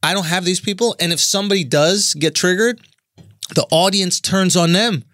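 Comic host, man, a bit high, dry close mic, keeps checking "right?". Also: moderate pace, a bit bright, no room sound. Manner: persuasive, arguing his point with "right?". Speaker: comedian and podcast host. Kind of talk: casual chat.

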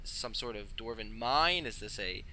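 A man's voice: fairly low pitch, expressive, measured pace, bright, forceful tone, a little hiss or hum. A man playing in a tabletop game, politely questioning in character. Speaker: player. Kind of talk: tabletop role-play.

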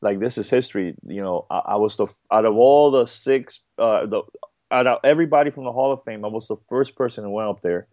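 Podcast guest: man with a lowish voice, stop-start and chatty, on dull, dry audio. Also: darkish tone, dry recording. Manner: halting, repeats words, many fillers. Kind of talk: casual interview chat.

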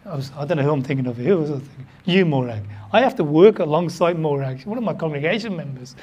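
A pastor from the United Kingdom, preaching a sermon in an excitable, animated way with sudden jumps in pitch and loudness. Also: fast talker, slightly rough.

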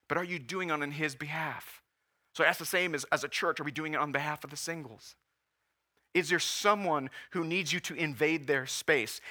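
A man's voice: a little high, pushed and bright. A man in his forties preaching a sermon as pastor, earnest and emotional, at times holding back tears. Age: 40s. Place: church.

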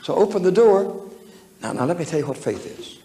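A man's voice: high voice, sing-song, fairly quick, warm tone. A man preaching a storytelling sermon, folksy and humorous, chuckling as he talks, recorded in an echoey church hall. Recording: echoey hall with faint room noise.

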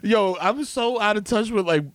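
A young man riffing on a podcast with quick, swearing asides, his voice pitched a little high. He jumps between topics and gets worked up easily. The mic is close and dry. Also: fairly bright tone, no room sound. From Dominican heritage, New York. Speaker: podcast co-host. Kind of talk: casual podcast banter.

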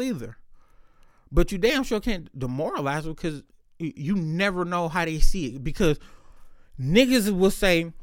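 A man with a higher-than-usual voice tells stories in a loose, candid, heavily profane monologue. He is recorded close and dry, with no room sound around him. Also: big pitch swings, fairly quick, no room sound. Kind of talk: casual storytelling monologue.

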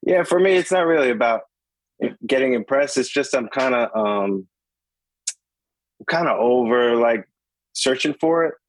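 Middle-aged New York guest musician, easygoing and full of fillers, mid-pitched and dry-sounding. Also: male voice, expressive, a little slow, pauses often, no room sound, rough recording. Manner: laid-back, filler-heavy. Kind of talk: casual interview chat.

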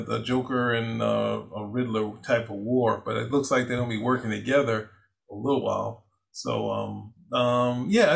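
A man with a gravelly, fry-edged voice talks through a film review in a loose, rambling way. He restarts his sentences often and laughs easily as he goes. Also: medium pitch. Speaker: co-host. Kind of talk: casual film review chat.

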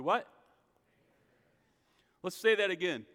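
This pastor's voice sits high and is animated, a bit bright, with vocal fry, and he speaks a little slowly. Preaching casually in an echoey hall, he talks conversationally and has the congregation respond by repeating after him.

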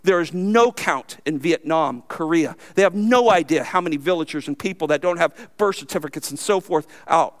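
A man with a high, light voice delivers a sermon from the pulpit. He preaches emphatically and keeps throwing rhetorical questions at his listeners. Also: normal speed, few pauses. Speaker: pastor.

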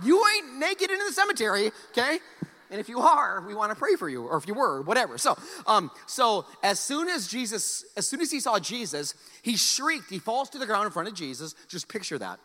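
A man's voice: high voice, sing-song, brisk, pushed and bright, long reverb tail. A man preaching a sermon to a congregation. He talks in a conversational, joking way and often repeats words as he restarts his sentences. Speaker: pastor.

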